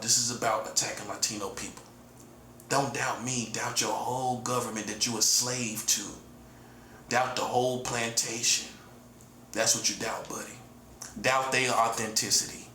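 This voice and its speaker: A self-styled prophet streamer in his forties delivers a defiant, taunting solo monologue, repeatedly telling his listener "listen, buddy" and chuckling between points. His mid-range voice has a sharp tone, and the recording has a roomy echo with faint room noise.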